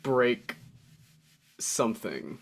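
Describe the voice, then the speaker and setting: Gravelly-voiced player asking pointed questions. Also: male voice, medium pitch, big pitch swings. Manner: probing, deliberate questioning. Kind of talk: tabletop role-play.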